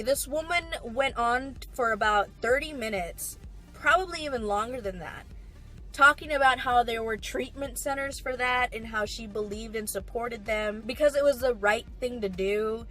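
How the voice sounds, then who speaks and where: A woman's voice: on the high side, moderate pace, sharp tone, faint music behind, low-quality recording. A young woman telling a storytime vlog, emphatic and swearing as she rants. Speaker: vlogger.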